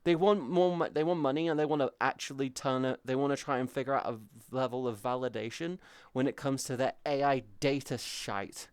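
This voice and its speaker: A man chatting casually on a live stream, swearing freely, reading viewers' messages aloud and softly comforting them. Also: mid-range voice, fairly even intonation, fairly quick, hardly any pauses, smooth, no echo. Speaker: VTuber streamer.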